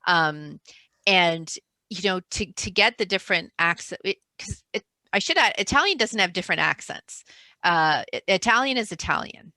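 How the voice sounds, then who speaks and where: A woman's voice: fairly low pitch, animated, normal speed, pushed and bright, no room sound. A woman author chatting over a video call, talkative, often breaking off mid-sentence and laughing. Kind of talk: casual chat.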